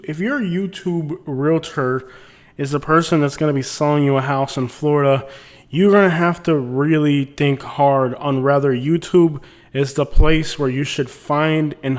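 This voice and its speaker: A man hosting a comic advice video, talking in a casual, wry, rambling way. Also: fairly high pitch. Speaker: host.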